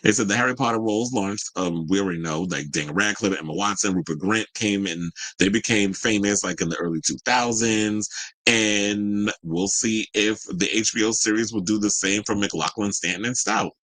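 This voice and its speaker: Man, young adult, sassy celebrity-news chatter, low voice, dry recording. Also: moderate pace, no echo, rough recording. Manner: sassy, animated, chatty with slang asides. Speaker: entertainment news host. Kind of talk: casual pop-culture commentary.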